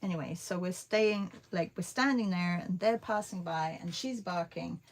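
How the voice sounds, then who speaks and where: A woman's voice: fairly low pitch, moderate pace. A woman who teaches art and vlogs tells a rambling, chatty story full of fillers while she paints.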